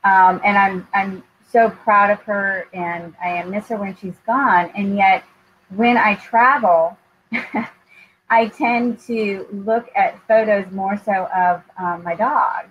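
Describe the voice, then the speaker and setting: A woman's voice: medium pitch, fairly even intonation, slow pace. Woman host, candid and emotional, hesitant with fillers; muffled recording, faint noise. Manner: candid and heartfelt, with frequent ums. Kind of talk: live interview chat. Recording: dull lo-fi sound with faint noise.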